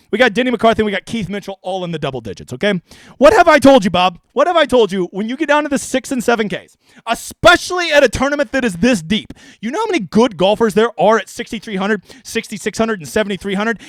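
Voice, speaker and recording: A man's voice: high-pitched, a bit bright, no echo, studio quality. A man hosting a fantasy sports live stream, talking in a brash, profane, rambling way. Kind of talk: casual live stream commentary.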